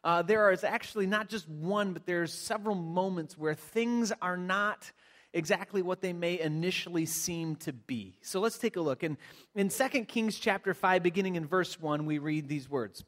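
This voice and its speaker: A pastor delivers his sermon in a relaxed, storytelling manner, often restarting his phrases. His voice sits somewhat high for a man. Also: normal speed. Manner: storytelling, conversational with frequent restarts. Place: church sanctuary.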